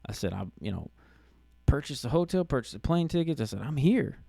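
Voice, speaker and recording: Man, middle-aged, podcast host, low gravelly voice, halting casual storytelling, dry close sound. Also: big pitch swings, warm tone, dry recording. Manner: halting, many restarts and fillers.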